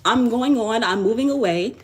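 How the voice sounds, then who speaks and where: A woman's voice: a little high, moderate pace, lightly acted. A woman voicing a self-assured woman who dismisses her ex with pride. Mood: dismissive.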